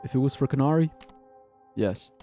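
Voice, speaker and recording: A streamer reading a story game aloud with expression and blurting out swearing reactions. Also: male voice, mid-range voice, normal speed, dark tone, faint music behind.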